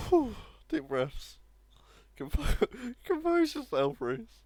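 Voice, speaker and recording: A young man commentating on his own football video game match, laughing often and excitable. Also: fairly high pitch, unhurried, no echo. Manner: giggly, excitable, laughs between lines. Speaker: gaming streamer.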